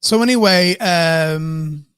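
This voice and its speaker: A woman's voice: on the low side, slow, fairly bright tone, clean tone, dry recording, clean studio sound. A woman co-hosting a podcast, chatting casually and playing up mock indignation. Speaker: podcast co-host. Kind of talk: casual chat.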